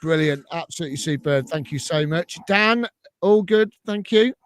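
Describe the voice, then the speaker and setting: A man's voice: fairly high pitch, animated, normal speed. A man hosting a live stream chat, upbeat and plugging events. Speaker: host of a fan channel live show.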